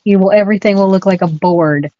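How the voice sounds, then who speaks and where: A woman co-hosts a casual chat and talks straight to listeners with advice. Her tone is mellow and warm. The sound is dry and dull, like a lo-fi stream. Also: mid-range voice, quick pace, no echo. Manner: gives direct advice to listeners. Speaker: co-host.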